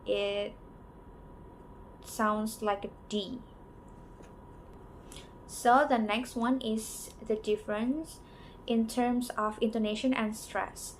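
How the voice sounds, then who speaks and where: Slow, halting young woman presenting a lesson. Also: on the high side, fairly even intonation, a little hiss or hum, low-quality recording. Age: young adult. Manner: slow, halting delivery with many pauses and "so" openers. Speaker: student presenter. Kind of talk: class presentation on English varieties.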